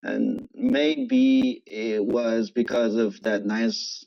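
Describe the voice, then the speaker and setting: A Chinese-accented man from northern China, a native Chinese speaker, chats as a guest, halting and repeating words. His voice is gravelly, and his pitch swings widely. The sound is dull and lo-fi. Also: huge pitch swings, no room sound. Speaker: interview guest, English teacher. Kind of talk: casual interview chat.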